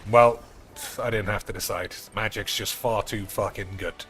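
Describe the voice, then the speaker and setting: A man's voice: fairly low pitch, steady tone, moderate pace, a bit bright, faint music behind. A man chatting casually and swearing freely while streaming a card game. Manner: rambling, sweary, offhand. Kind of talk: casual live-stream chat while gaming.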